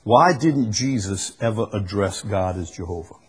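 A man's voice: fairly low pitch, expressive, moderate pace. A man leading a Bible study, explaining patiently and reading passages aloud with frequent fillers. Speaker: Bible teacher.

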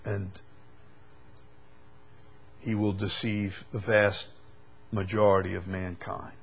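A man preaching a sermon who swings from loud, emphatic declarations down to low, quiet scripture reading. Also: level tone, slow pace, creaky, breathy edge.

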